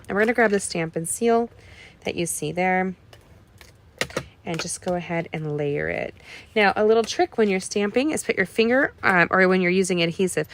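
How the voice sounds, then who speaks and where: A woman's voice: mid-range voice, fairly bright tone, dry recording. A middle-aged woman hosting a live card-making tutorial, chatting folksily with viewers as she works. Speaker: card-making livestream host. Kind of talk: casual crafting tutorial.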